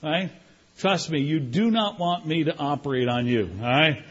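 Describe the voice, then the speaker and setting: Older man, pastor, animated sermon, husky voice, high pitch. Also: moderate pace, dull audio. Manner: animated preaching, acting out prayers in character.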